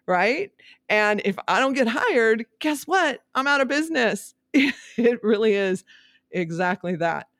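A woman's voice: fairly high pitch, sing-song, a little slow, fairly bright tone, no room sound, clean studio sound. A woman real estate agent talking candidly in a podcast monologue, emphatic, direct and emotional.

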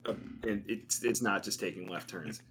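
A man's voice: on the low side, moderate pace, a bit bright, a little hiss or hum, rough recording. A man talking loosely in a casual podcast chat, leaning on "like" as he goes. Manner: loose chatty talk full of "like".

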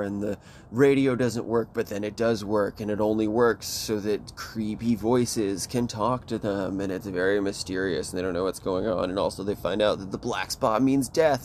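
A man retelling a book plot in casual chat, rambling and animated and swearing often. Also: on the low side, moderate pace, a little hiss or hum.

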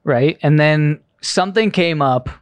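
Male host asking relaxed follow-ups. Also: on the high side, measured pace, smooth, no room sound. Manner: prompts the guest with easy follow-up questions. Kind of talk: casual interview.

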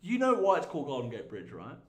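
A man's voice: a little high, wildly swooping pitch, quick pace, echoey room. A man hosting a podcast in a laid-back, rambling way, swearing often. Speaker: podcast host. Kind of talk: casual chat.

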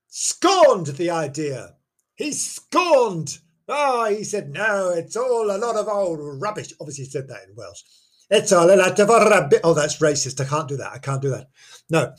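A man with a slightly husky, somewhat high voice tells a spooky folklore tale. He talks casually and playfully, breaking off for theatrical exclamations and wry asides. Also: fairly bright tone. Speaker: folklore storyteller.

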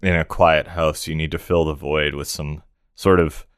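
Male podcast co-host, deep smooth voice, dry close sound, jokey deadpan. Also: no echo. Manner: jokey, deadpan asides, quick to correct facts. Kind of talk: casual film review chat.

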